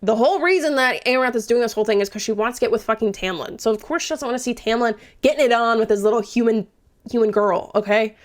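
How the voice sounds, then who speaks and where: A young woman with a fairly high voice recaps a novel's plot. She sounds chatty and casual, swears freely, and drops into quick whispered asides. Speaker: book reviewer.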